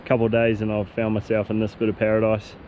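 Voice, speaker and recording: A man's voice: lowish voice, monotone, quick pace, a little mellow, highs cut off, slight background noise. A man with a New Zealand accent vlogging a hunting trip outdoors, chatting easily and talking to his dog. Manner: chatty, talks to his dog, laid-back slang. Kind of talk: outdoor vlog narration. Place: outdoors in mountain wilderness.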